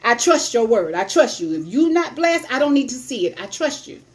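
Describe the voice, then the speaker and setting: A woman's voice: on the high side, big pitch swings, normal speed. A middle-aged woman hosting her own show, giving blunt advice on sex and relationships and retelling a story casually with quoted voices.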